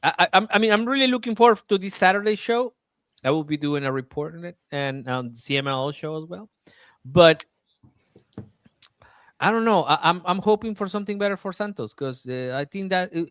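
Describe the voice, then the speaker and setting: A man co-hosting a casual chat, animated and joking. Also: high-pitched, brisk, clear, resonant tone, no room sound, clean studio sound. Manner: animated, joking, plays mock announcer. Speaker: podcast co-host.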